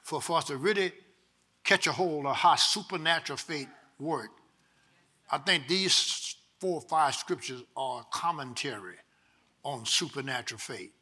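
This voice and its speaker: Male pastor, high bright voice, preaches call-and-response, drops low to teach and rises loud to exhort. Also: lively intonation, moderate pace. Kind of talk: sermon.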